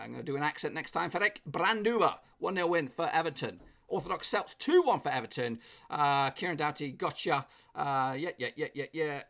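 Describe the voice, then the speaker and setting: A man with an English accent and a slightly hoarse voice, casually chatting on a live stream and reading out viewers' football predictions. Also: on the high side, fairly bright tone.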